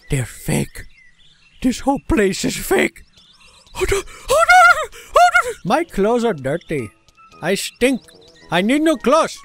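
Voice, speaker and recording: A high-voiced commentator delivers comedic gameplay commentary, gasping and shouting as their pitch jumps all over the place. The excitable, exclamatory delivery plays over faint background music.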